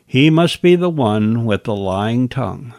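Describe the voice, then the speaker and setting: A man narrates a Bible lesson and comments wryly on the scripture he reads. His voice has some gravel and moves through a wide pitch range. The sound is close and dry. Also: lively intonation, measured pace, a little mellow, no echo. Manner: wry asides between scripture readings. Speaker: Bible teacher.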